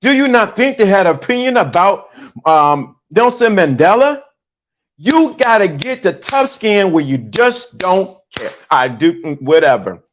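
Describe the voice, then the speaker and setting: High-voiced man preaching to his chat. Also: big pitch swings, unhurried. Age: 50s. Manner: preachy, repeats lines for emphasis. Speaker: host. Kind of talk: motivational talk to a live chat.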